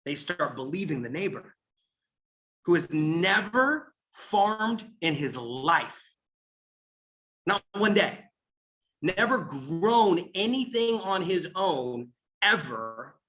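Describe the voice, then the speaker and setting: A man leading a live business training, telling an animated story and checking in with listeners. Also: fairly high pitch, slow pace. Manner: animated storytelling, keeps asking "right?". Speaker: network marketing trainer.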